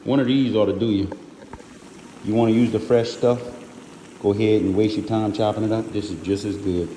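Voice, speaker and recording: A man's voice: lowish voice, steady tone, fairly quick, warm tone. Folksy man on a distant phone mic. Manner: folksy, chatty, talks straight to viewers. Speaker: cook and host. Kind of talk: casual cooking demonstration. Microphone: handheld phone. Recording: roomy distant sound, faint background noise.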